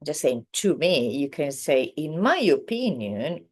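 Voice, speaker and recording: A woman teaches a beginners' language lesson in a casual, patient way, often pausing with ums and correcting herself. Her voice sits very low and she speaks slowly. She walks through examples one at a time. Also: big pitch swings, breathy edge. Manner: explains patiently with frequent ums and self-corrections. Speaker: Italian teacher.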